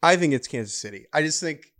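A man co-hosting a baseball podcast in casual chat, dropping quick wry jokes. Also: a little high, animated, fairly bright tone. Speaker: podcast co-host.

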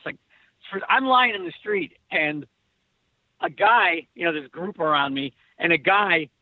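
A male author talking as a guest in casual conversation, halting and repeating words, laughing often, heard over a dull lo-fi remote line. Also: high voice, no echo.

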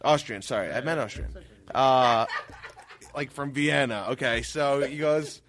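A man's voice: medium pitch, measured pace, fairly bright tone, slight background noise. A man guesting on a comedy podcast, rambling through funny anecdotes and laughing at them himself. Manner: rambling anecdotes, laughs at his own stories. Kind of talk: casual comedic storytelling.

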